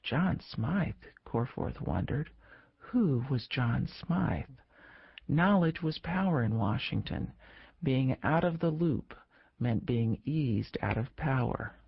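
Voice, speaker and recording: A man reading a political thriller audiobook in steady narration. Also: medium pitch, takes it slowly, creaky, slightly rough, dry recording, lo-fi sound.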